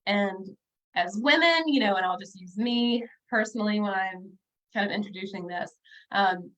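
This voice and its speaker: This is a thirtysomething woman who works as a bookkeeper and business coach, speaking casually and cheerfully to livestream viewers with frequent filler words. Her medium-pitched voice sounds fairly bright and runs at normal speed, though the recording is muffled.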